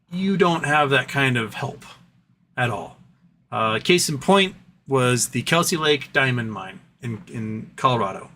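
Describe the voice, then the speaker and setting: A man hosting a livestream, telling stories in a casual, animated way and putting on mock voices for the people he quotes. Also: medium pitch, slight background noise. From United States. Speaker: livestream host.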